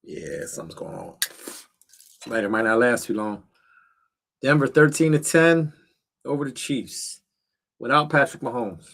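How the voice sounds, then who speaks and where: A man's voice: medium pitch, animated, unhurried, creaky, pauses often, fairly bright tone. A middle-aged man chatting casually on a livestream from a cold backyard shed, talking straight to his viewers with slang and fillers. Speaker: livestream host.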